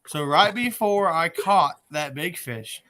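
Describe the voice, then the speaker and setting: A man hosting a casual chat, telling a fishing story in an animated way and often repeating words. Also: on the high side, takes it slowly. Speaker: host.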